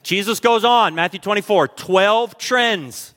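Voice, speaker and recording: A man preaching a sermon to his congregation in a church, energetic and urging, often exclaiming. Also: high voice, a little slow. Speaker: pastor. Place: church sanctuary. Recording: long church reverb.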